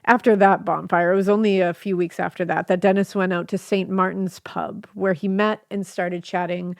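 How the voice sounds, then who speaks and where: A woman's voice: fairly low pitch, level tone, moderate pace, gravelly, dry recording, studio quality. A woman co-hosting a podcast who chats casually and swears freely as she tells a true crime story. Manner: chatty and profane, with a casual storytelling flow. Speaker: podcast co-host.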